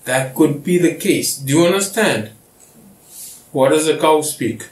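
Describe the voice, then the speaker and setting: A man's voice: a little high, a little slow. A man, the pastor, teaching a Bible study and often checking that his listeners understand. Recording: echoey room from far off.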